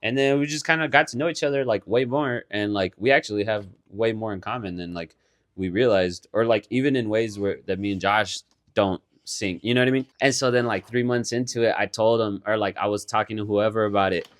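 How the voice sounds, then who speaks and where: A man's voice: fairly low pitch, brisk. A young man co-hosting a podcast, telling a long casual story, swearing freely and laughing often. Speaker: podcast co-host. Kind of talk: casual chat.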